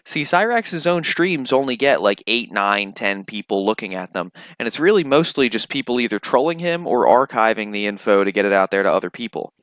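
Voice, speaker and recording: A man's voice: on the low side, very animated, fairly quick, few pauses, fairly bright tone, no echo. Sarcastic male commentary narrator. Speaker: commentary channel host. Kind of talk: commentary voice-over.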